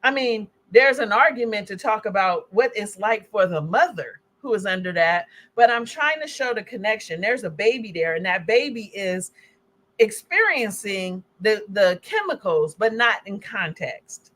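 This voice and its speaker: A woman gives a slide presentation on health in a lively, conversational way. She acts out small scenes and talks straight to her listeners. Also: medium pitch, normal speed. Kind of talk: presentation talk.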